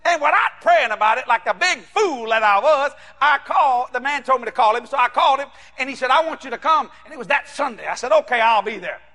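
High, bright male preacher from New Orleans, animated storyteller, in a long-reverb hall. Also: quick pace, hardly any pauses. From New Orleans, Louisiana. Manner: animated, shouting, acts out voices. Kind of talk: sermon storytelling.

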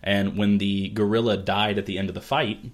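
Man, lower register, casual podcast storyteller; animated, laughs easily, does voices for characters. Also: moderate pace. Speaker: podcast co-host retelling a novel. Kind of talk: casual chat.

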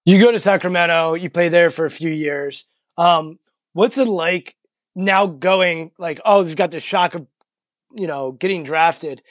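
A man's voice: fairly high pitch, a little slow, dry recording, studio quality. A man interviewing a former basketball player, asking follow-up questions in an easy, encouraging way. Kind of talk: casual interview.

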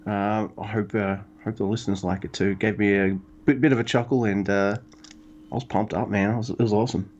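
A man co-hosting a podcast in casual chat, excitable and rambling, cursing often. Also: fairly low pitch, brisk, muffled recording, a little hiss or hum. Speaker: podcast co-host.

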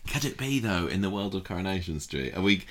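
A man's voice: sits low, expressive, fairly quick, a bit bright. A man co-hosting a casual podcast, riffing jokily on the story. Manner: jokey, riffs on the story, laughs often. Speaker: podcast co-host. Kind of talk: casual recap chat.

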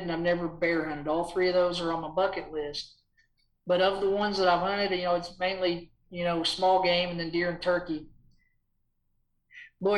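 A man telling stories as a podcast guest in a lively, chatty way, acting out quotes with a raised voice. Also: high-pitched, echoey room, low-quality recording. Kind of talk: casual storytelling.

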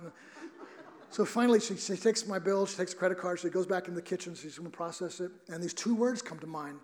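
A man's voice: high voice, a little fast, a little mellow. A middle-aged man preaching a sermon, telling a personal story earnestly with many restarts.

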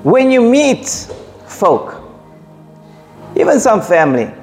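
Male preacher, emphatic sermon delivery, high voice with gravel, faint music behind. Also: very animated, slow. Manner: emphatic, repetitive, joking asides.

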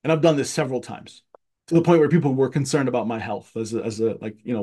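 A middle-aged man, raised in Egypt, tells his childhood stories in a loose conversational way. He often restarts and repeats words as he goes. His voice jumps up in pitch whenever he acts out what he or others said. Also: quick pace, breathy edge. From Armenian family raised in Egypt. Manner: animated, repeats words as he restarts, rising pitch when quoting himself. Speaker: guest. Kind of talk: casual conversational storytelling.

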